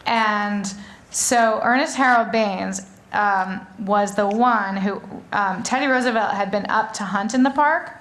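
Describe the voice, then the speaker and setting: A woman's voice: medium pitch, unhurried, fairly bright tone. A woman author talking on stage before an audience, rambling in a chatty way with many fillers and restarts. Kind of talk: live stage conversation.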